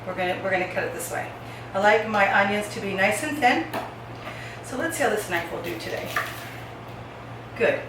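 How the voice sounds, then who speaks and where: In a very echoey home kitchen, far from the microphone and amid clattering dishes, a woman chats to her viewers while chopping vegetables for a casual cooking demo. She has a medium-pitched voice and talks fairly quickly, though with long pauses, against a noisy background.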